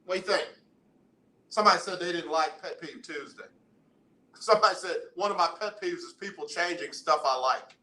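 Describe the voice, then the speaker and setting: A man hosts a call-in radio show from the studio, bantering and teasing his listeners. His voice sits a little high and sounds bright and forceful. The studio adds a roomy echo. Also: brisk. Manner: animated, banters with listeners and callers. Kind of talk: casual radio talk.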